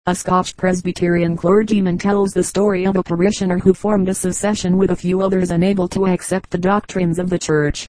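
A woman reading a book of humorous anecdotes aloud as an audiobook narrator, in a measured, even storytelling delivery. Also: on the low side, no echo, low-quality recording. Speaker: audiobook reader. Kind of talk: scripted narration.

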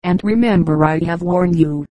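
A woman's voice: fairly low pitch, moderate pace, mellow, no echo, close to an everyday voice. A woman reading the part of a teasing schoolboy in a storybook.

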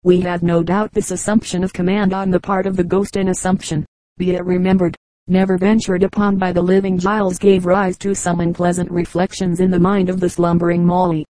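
A woman reading a humorous essay aloud as an audiobook narrator, with a measured, mock-grand delivery. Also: fairly low pitch, flat delivery, mellow, no room sound, low-quality recording. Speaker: audiobook reader.

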